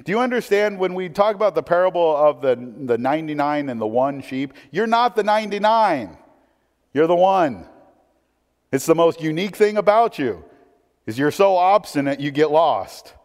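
A man preaching a sermon, swinging between emphatic points and hushed, conversational asides. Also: on the high side, animated, moderate pace. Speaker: pastor. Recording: long hall reverb.

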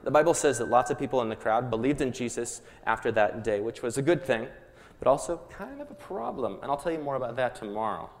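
A man leading a children's Bible lesson, playful and animated, coaxing the audience to join in. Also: medium pitch, fast. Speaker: children's Bible program leader. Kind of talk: lively kids' Bible lesson with skit. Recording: echoey hall.

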